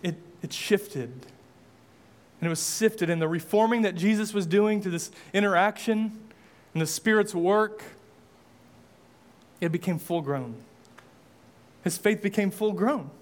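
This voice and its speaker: A man's voice: high-pitched, unhurried, pauses often. A male pastor preaching a sermon, impassioned, with repeated rhetorical questions and casual asides.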